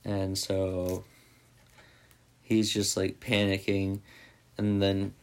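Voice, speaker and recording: Slow, rambling man recapping a movie. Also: low voice, completely flat delivery. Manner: rambling, heavy with "like" fillers, swears freely. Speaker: movie reviewer. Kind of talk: casual spoken movie recap.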